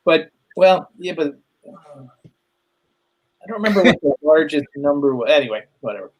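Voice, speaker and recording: Middle-aged male guest, fairly high voice; rambling anecdote teller on a video call. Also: animated, moderate pace, rough recording. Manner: rambling anecdotes with fillers and laughs. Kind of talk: casual storytelling chat.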